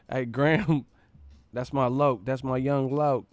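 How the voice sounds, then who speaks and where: A man's voice: mid-range voice, steady tone, slow, dry recording. A man hosting a live stream, chatting in a loose, profane, joking way and laughing often. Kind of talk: casual live-stream chat. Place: streaming setup with several cameras.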